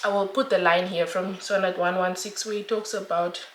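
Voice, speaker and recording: A woman's voice: mid-range voice, steady tone, moderate pace, roomy sound, a little hiss or hum. Chatty young woman laughing often. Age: young adult. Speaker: vlogger. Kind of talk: casual chat while doing makeup.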